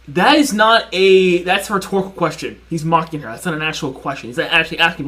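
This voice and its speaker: A young man argues sarcastically through a commentary video point by point, repeating and restarting as he goes. His voice is on the high side and expressive, quick with few pauses and a sharp edge.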